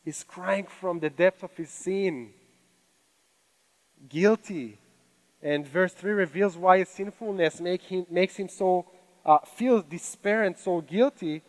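A man's voice: high voice, slow pace, poor audio. Earnest accented man preaching a sermon. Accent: non-native English accent. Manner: earnest, conversational preaching with rhetorical questions. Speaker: pastor. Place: church stage.

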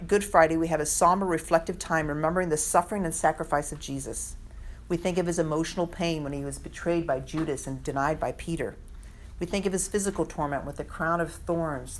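A woman's voice: sits low, a little fast, slight background noise. Earnest woman teaching Bible study. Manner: earnest, reflective, dramatizes scripture quotes. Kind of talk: women's Bible study lesson.

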